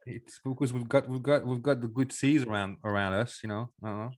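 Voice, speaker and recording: A man from France with a French accent, co-hosting a podcast in a relaxed, hesitant way. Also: mid-range voice, fairly quick. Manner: relaxed and hesitant, with many "uh" fillers. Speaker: podcast co-host. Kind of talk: casual chat.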